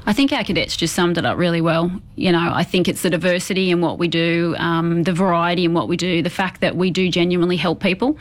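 A woman with an Australian accent, a police commander answering interview questions in an earnest, measured way with many ums. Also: fairly low pitch, steady tone. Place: outdoors at a police station.

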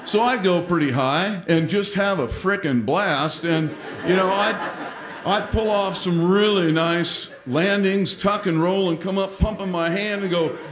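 A man telling a funny personal story on stage, animated and self-mocking, acting out the lines of the people in it. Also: high voice. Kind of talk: live comic storytelling. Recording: roomy hall with audience laughter.

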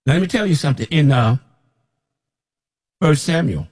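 A man calling himself a prophet, preaching in a scolding, repetitive way that sometimes rises toward a shout. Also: on the high side, lively intonation, normal speed. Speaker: self-described prophet. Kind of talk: preaching monologue.

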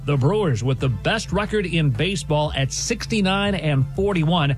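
A man reading a brisk rundown of sports scores for radio. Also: on the high side, animated, music in the background. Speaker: radio news update anchor. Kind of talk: sports news update.

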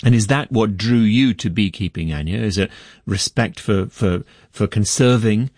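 A man presenting a radio news and talk show in a measured, formal broadcast manner. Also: fairly low pitch, darkish tone, dry recording. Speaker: radio host.

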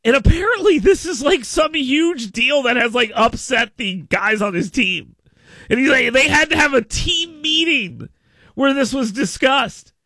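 A high-pitched male radio host with a gravelly edge and a bright, sharp tone. He rambles in an animated way, stammering and restarting his sentences. The studio sound is dry and close. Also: no room sound. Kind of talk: casual talk radio banter.

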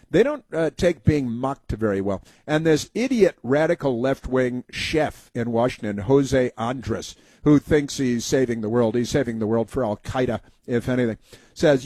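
A man's voice: medium pitch, normal speed, a little mellow, no room sound. A man hosting a talk radio show, delivering a sarcastic, mocking monologue full of filler "uh"s into a studio microphone.

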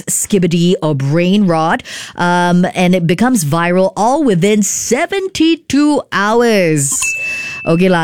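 A woman's voice: lowish voice, a little mellow, no echo, clean studio sound. A woman in her thirties with a Singaporean accent, hosting a radio show and chatting expressively as she reads out listener messages, often tagging her sentences with "right?" and "okay?". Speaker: radio host.

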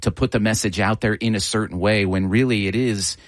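A man's voice: lowish voice, fairly even intonation, brisk, no echo, studio quality. Enthusiastic man in his fifties hosting. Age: 50s. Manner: enthusiastic, effusive. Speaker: host. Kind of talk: interview.

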